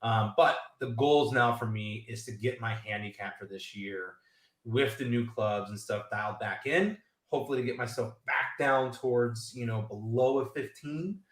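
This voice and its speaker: A man's voice: medium pitch, normal speed, fairly bright tone, roomy sound. A man co-hosting a casual golf live stream, telling rambling stories and acting out the voices of the people in them. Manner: rambling storyteller, acts out quoted voices. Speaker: golf podcast co-host.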